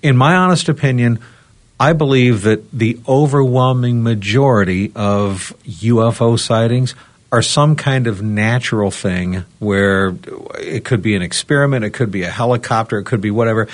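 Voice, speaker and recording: A man's voice: mid-range voice, normal speed. A man from the United States, a regular on a podcast panel, earnestly telling a personal story in casual chat and often turning to his listeners. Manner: earnest, addresses listeners as "guys", checks in with "okay?". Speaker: roundtable panelist.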